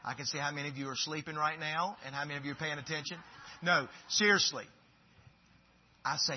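A man's voice: on the high side, steady tone, fairly quick, pauses often. A man preaching a sermon in a folksy, conversational way that swells into fervent exhortation. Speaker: pastor. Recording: dull lo-fi recording.

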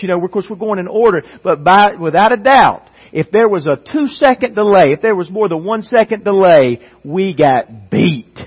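A middle-aged man preaching a sermon to his church, earnest and building to emphatic peaks, husky in tone. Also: sits high, sing-song, moderate pace, few pauses, highs cut off. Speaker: pastor.

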